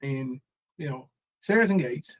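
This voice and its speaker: A man in his forties with a medium-pitched, lively voice hosts a casual livestream at a measured pace. Over poor audio, he rambles about his troubles, reads names from the chat, and throws in mock crying bits.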